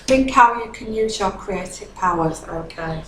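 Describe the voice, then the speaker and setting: A woman's voice: medium pitch, lively intonation, unhurried, roomy sound, slight background noise, rough recording. A woman giving a tarot reading to a viewer, earnest and consoling, often checking in with "okay?". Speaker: tarot reader.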